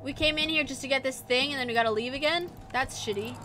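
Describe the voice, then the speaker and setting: A young woman streaming a horror game, swearing, muttering low and yelping in fright. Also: quick pace, pushed and bright, a little hiss or hum. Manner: jumpy and profane, mutters low then yelps in fright. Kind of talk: casual let's-play commentary.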